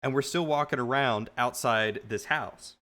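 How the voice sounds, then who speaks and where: Chatting casually with viewers, this male streamer spins out a long, wandering anecdote full of animated restarts. He has a mid-range voice and doesn't rush.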